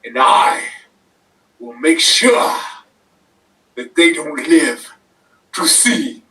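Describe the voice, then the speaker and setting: A man cutting a theatrical wrestling promo as a guest, menacing, swinging between shouts and whispers. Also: on the high side, lively intonation, very slow, pauses often, recorded from a distance, low-quality recording.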